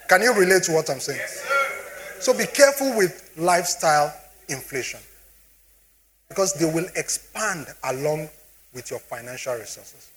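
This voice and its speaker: A middle-aged Nigerian man speaks to a live audience about money in an animated, questioning way. His voice sits a little higher than most men's and swings up and down as he checks that listeners are with him. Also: normal speed, pauses often, noisy background. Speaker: speaker on personal finance. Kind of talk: motivational talk to an audience.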